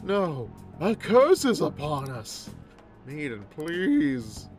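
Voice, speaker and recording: A man voicing desperate cult devotees in a game, crying out in slow, shrill, wailing pleas. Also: wildly swooping pitch, music in the background, full character voice. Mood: pleading.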